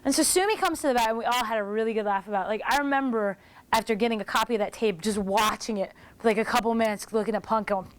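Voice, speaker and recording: A woman in her forties telling casual stories about her wrestling career, animated and acting out what others said. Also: on the high side, quick pace, clear, resonant tone. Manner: animated, acts out others' lines in quotes. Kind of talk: casual storytelling commentary.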